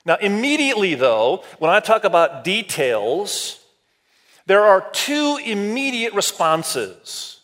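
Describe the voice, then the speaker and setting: A man preaching a sermon to a congregation across several campuses, talking in a lively, conversational way and asking the audience for raised hands. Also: sits high, slow. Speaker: pastor. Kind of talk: sermon to a multi-campus church.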